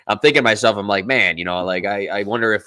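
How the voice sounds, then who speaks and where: On a casual podcast, a host with a lowish, bright, forceful voice tells stories fast and in a rambling way, acting out the dialogue as he goes.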